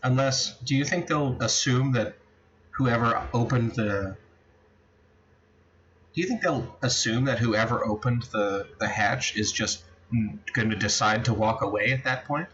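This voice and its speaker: A man running a tabletop game as game master, pausing and restarting as he works things out. The recording sounds dull and low-fidelity, with a faint hiss behind him. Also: a bit bright. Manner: thinking aloud, hesitant restarts.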